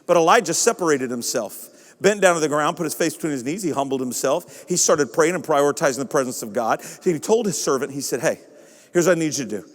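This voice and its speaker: A male pastor preaching a sermon in a church, impassioned and building up to shouts. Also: a little high, lively intonation, brisk, long reverb tail. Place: church sanctuary.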